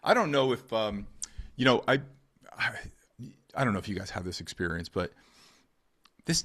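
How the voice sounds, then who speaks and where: A man's voice: lowish voice, sing-song, normal speed, long pauses, a bit bright. A man hosting a podcast in casual chat, rambling with many restarts and sports comparisons. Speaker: podcast host.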